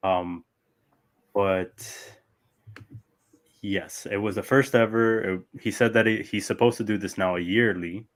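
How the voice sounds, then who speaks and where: A man with a fairly low voice chatting casually on a podcast. He chuckles often and explains things at length. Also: steady tone, unhurried, pauses often. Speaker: podcast co-host. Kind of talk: casual chat.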